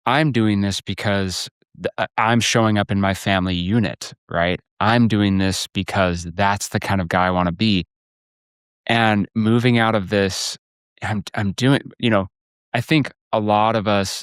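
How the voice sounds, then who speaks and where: A man with a low-pitched voice hosts a podcast conversation. He talks earnestly and keeps checking in with "right?" as he makes a point. The recording is close and dry, with no room sound. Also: a bit bright, clean tone, no echo. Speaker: podcast host. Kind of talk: casual conversational interview.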